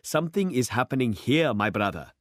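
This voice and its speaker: A man's voice: mid-range voice, very animated, brisk, a bit bright, no room sound, voice pushed up. A man voicing a worldly, boastful middle-aged city man who speechifies with rising fervor, in a dry, close storybook reading. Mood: fervent. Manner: expansive, speechifying, rising to oratory.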